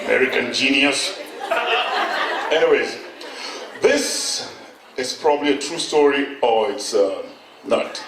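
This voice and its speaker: A middle-aged Kenyan man doing stand-up storytelling, animated, acting out voices and bursting into shouts. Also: mid-range voice, slow, long pauses, recorded from a distance. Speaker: stand-up comedian. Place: event hall on stage. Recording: echoey hall, mic from afar, noisy.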